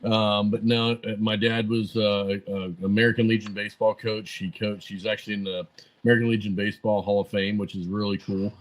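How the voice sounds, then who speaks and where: Low flat-voiced man telling stories. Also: fairly quick, low-quality recording. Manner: rambling anecdotes full of fillers and quoted dialogue. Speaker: podcast guest. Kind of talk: casual storytelling interview.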